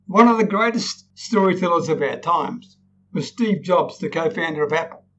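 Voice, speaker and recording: A man with a fairly high voice coaches an audience on storytelling, acting out sample lines and tagging his points with "right?". The recording is dull and lo-fi, with a faint hiss underneath. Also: normal speed, fairly bright tone. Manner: demonstrates tones, frequent "right?" tag questions. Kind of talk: recorded lesson.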